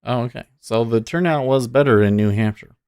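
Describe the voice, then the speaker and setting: A man's voice: mid-range voice, fairly quick, darkish tone, clear, resonant tone, no echo. A man hosting a live day-trading stream, thinking aloud and cheering on his trades in easy casual chat.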